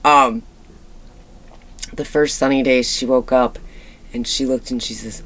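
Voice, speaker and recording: Thirties woman vlogging, chatty and halting, full of ums and restarts, reflective. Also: rumbling low, fairly even intonation, slight background noise. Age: 30s. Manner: candid and reflective. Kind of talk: rambling personal vlog.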